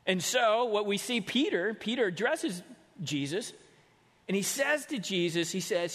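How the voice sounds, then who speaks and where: A man preaching a sermon in a casual, animated storytelling way, acting out the voices of the people in the story. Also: sits high, measured pace. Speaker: pastor. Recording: long hall reverb.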